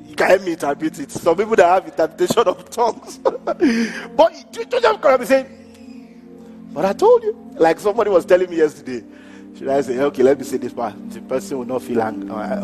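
A man pastor preaching a sermon in a church hall, acting out the people he quotes and laughing between his points. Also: sits high. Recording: church hall with long reverb and faint music.

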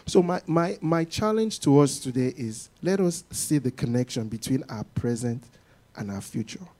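Animated male preacher, mellow voice. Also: mid-range voice, moderate pace. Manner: animated preaching, acting out quotes. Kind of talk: sermon.

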